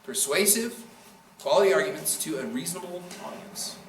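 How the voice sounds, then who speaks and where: A man's voice: fairly high pitch, lively intonation, fairly quick, a little hiss or hum. A man giving a casual classroom lecture on debating, joking and acting out quoted speakers. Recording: echoey room from far off.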